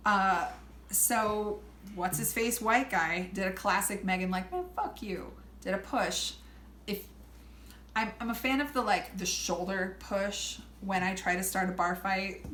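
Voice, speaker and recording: A woman telling a comic story in a casual, animated way, laughing often, swearing freely and acting out the people she quotes. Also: mid-range voice. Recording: roomy room with faint background noise.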